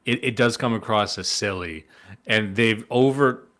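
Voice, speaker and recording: A man from Canada, co-hosting a podcast in a dry, deadpan, joking way. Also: lowish voice, unhurried. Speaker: podcast co-host. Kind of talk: casual chat.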